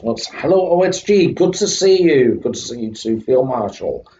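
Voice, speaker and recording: A man's voice: medium pitch, sing-song, moderate pace, warm tone. A man live-streaming retro computer games, chatting to viewers and fighting off a coughing fit. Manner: chatty, greets chat viewers by name. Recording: dull lo-fi stream audio with faint hum.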